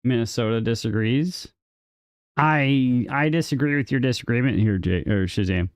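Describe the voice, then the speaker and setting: A man's voice: medium pitch, moderate pace, no room sound, studio quality. A man live-streaming a city-building game, chatting casually and joking with viewers in chat while he plays. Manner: chatty, jokey, talks to chat viewers by name.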